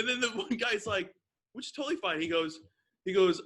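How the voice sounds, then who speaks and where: A man's voice: high voice, a little fast. A young man, a podcast co-host, chatting casually and acting out the people in a story he tells. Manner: animated storyteller, mimics people in skits.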